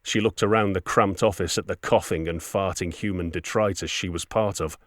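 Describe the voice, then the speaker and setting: A man narrating a science fiction audiobook in a steady, wry storytelling manner. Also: sits low, normal speed, few pauses, no echo, studio quality. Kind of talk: scripted narration.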